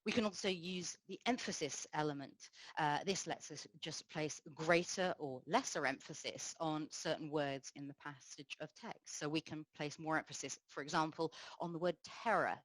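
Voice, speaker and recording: A woman speaker explaining a technical topic at a conference, pausing often with "uh" fillers. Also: low voice, no echo, low-quality recording.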